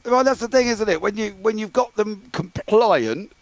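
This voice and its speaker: A man's voice: sits high, moderate pace, no echo. A man hosting a sim racing broadcast, chatting casually with a winning driver in the booth and calling him mate. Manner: chatty, matey, calls guest mate and brother. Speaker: sim racing commentator interviewing winners.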